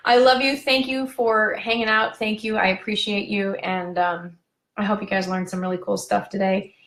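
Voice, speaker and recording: A woman's voice: medium pitch, level tone, moderate pace, a bit bright, echoey room. A woman hosting a casual live video chat, gushing and wandering off on tangents. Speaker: parenting coach hosting a live video talk.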